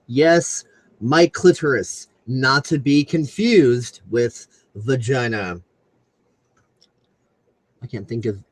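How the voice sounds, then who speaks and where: A man's voice: mid-range voice, rough recording. Goofy crude man rambling on a live stream. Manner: loud comic outbursts and squealed voices. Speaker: comedy show host. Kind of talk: solo comedic commentary over screen share. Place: alone at home on a live video stream. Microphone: computer mic on a video call.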